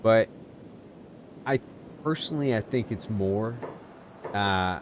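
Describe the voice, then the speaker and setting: A man's voice: lowish voice, slow pace, a little hiss or hum. A man streaming a video game, rambling to himself with casual commentary and frequent chuckles. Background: music.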